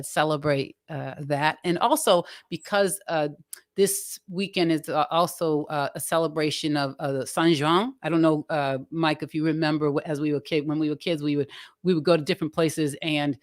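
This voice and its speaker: A woman singer answering interview questions in a relaxed way, with lots of fillers and pauses as she searches for words. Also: low voice, no room sound, studio quality. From Cape Verdean community, New Bedford area. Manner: many fillers, searching for words, quick laughs. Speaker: singer and entertainer, interview guest.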